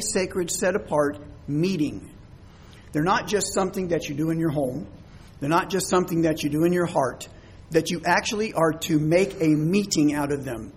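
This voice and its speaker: A man's voice: fairly high pitch, husky. A man preaching a sermon, explaining scripture words with everyday examples. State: coughing, throat troubled. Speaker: pastor.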